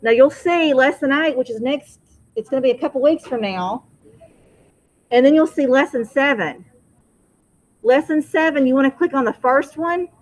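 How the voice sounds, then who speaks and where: A woman teaching a high school vocabulary lesson in a classroom, having students repeat each word. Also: moderate pace, long pauses, rough recording. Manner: drills pronunciation, asks class to repeat words.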